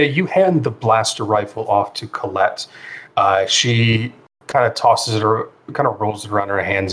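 A man narrating a tabletop role-playing game as game master, in a relaxed way with many fillers. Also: lowish voice. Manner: relaxed, filler-heavy narration with frequent ums and likes.

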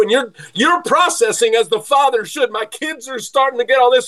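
High-voiced animated man telling stories. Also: quick pace, hardly any pauses, low-quality recording. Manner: animated storyteller, laughs often. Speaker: sports agent. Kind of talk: casual chat.

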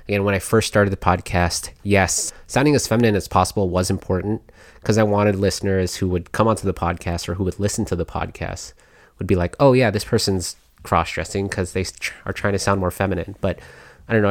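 A man's voice: sits low, no echo, clean studio sound. A man hosting a podcast, talking in a casual, rambling way with many fillers and little laughs. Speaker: podcast host.

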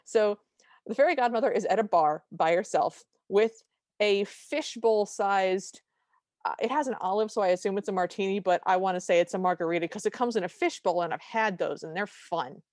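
Brief: wry woman podcast host, mid-pitched, dry close sound. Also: a little fast, a little mellow, no echo. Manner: wry, chatty, detailed recaps. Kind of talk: casual chat.

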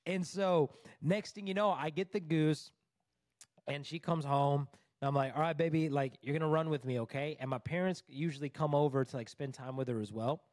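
Animated storytelling man, dry close sound. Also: fairly high pitch, a little fast, no echo. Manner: animated, conversational, fillers like "like" and "bro". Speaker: divorce recovery coach, podcast guest. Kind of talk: casual storytelling in an interview.

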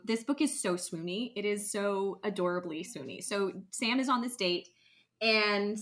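A woman co-hosting a podcast, chatting casually about a book with lots of "like" and animated reading of quotes. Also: on the high side. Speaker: podcast co-host. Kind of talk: casual book chat, reading excerpts aloud.

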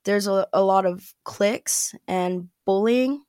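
A woman's voice: medium pitch, takes it slowly, darkish tone, smooth, dry recording, studio quality. An American woman talking as a podcast guest, chatty and rambling, with frequent fillers and laughs. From United States. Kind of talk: casual interview chat.

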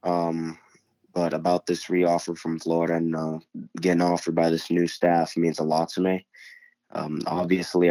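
A teenage boy answering interview questions politely and a bit hesitantly, saying "sir" and pausing often with "um". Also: low voice, darkish tone, dry recording. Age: teens. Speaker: guest, high school quarterback.

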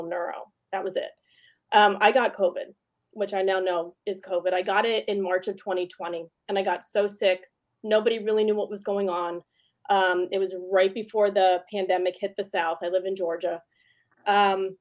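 A middle-aged woman guest who works with breath work and talks candidly and chattily on a video call, swearing now and then. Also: medium pitch. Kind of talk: casual interview talk.

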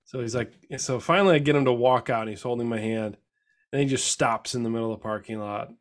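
A man in his thirties chatting casually about his kids, swearing often and acting out their lines. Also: fast. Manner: animated storytelling, acts out his kids in high voices, swears a lot. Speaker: father and podcast host. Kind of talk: casual chat.

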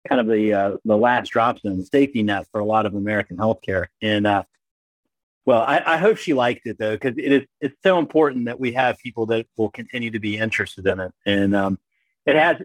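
A middle-aged man from Kentucky, an emergency doctor telling animated, self-deprecating stories as an interview guest. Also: medium pitch, no echo. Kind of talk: casual interview storytelling.

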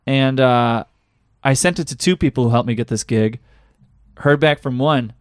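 A man hosting a casual podcast at an ordinary mid pitch, rambling and circling back on himself as he talks. His voice is recorded close and dry, with no room around it. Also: normal speed, clean tone, dry recording. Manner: rambling, hesitant, many restarts. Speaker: podcast host. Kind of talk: casual chat.

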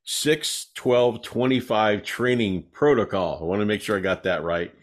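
A man with a fairly low voice hosts a casual talk show. He asks questions in an easygoing, slightly hesitant way, with plenty of fillers. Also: measured pace. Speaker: host. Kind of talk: casual podcast chat.

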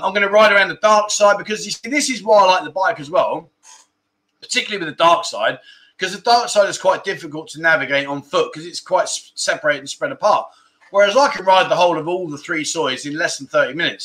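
Chatty man with a bright voice. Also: on the high side, fast. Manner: chatty, laughs often, stumbles over words. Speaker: livestream host. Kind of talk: casual chat reading viewer comments.

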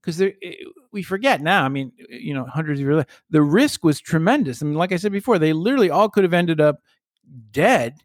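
A man's voice: fairly high pitch, animated, a little fast, dry recording, studio quality. A man in casual conversation as a podcast co-host, musing and rambling with playful banter. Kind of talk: casual chat.

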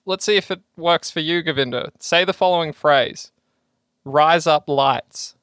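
An Australian man chatting casually as a podcast co-host, his voice sitting a touch high and leaping upward when he gets excited. He laughs through his sentences. The sound is dry and close with no room around it. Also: a little fast, no echo. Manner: animated, jumps up in pitch when excited, laughs while talking. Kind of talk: casual chat.

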